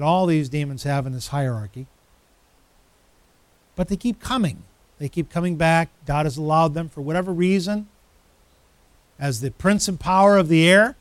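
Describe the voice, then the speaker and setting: High-voiced emphatic male preacher. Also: dry recording. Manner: emphatic preacher, repeating phrases with rising intensity. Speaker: pastor. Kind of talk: sermon.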